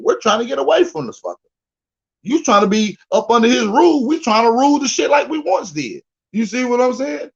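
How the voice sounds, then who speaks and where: Man, high and lively, mocking reaction commentary, dull lo-fi sound. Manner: animated, profane, mocking, streetwise slang.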